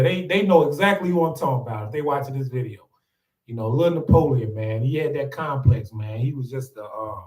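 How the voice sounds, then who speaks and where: A man's voice: mid-range voice, a little mellow. A man hosting a podcast, telling stories in a laid-back, casual way, often saying "man" and laughing. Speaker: podcast host. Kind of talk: casual storytelling. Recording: roomy echo, distant from mic.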